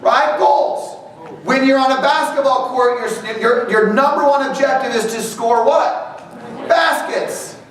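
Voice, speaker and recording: A man with a high voice gives an energetic motivational stage talk, animating every point and slipping into other people's voices. He sounds far from the mic in a very echoey hall with faint noise underneath. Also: a little slow. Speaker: motivational speaker for a real estate team.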